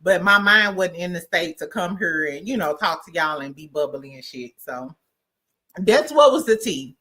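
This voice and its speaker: A woman's voice: fairly low pitch, lively intonation, moderate pace, fairly bright tone. A woman from St. Louis hosting a casual livestream, bubbly and laughing often as she greets her chat by name. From St. Louis, USA. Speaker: livestream host.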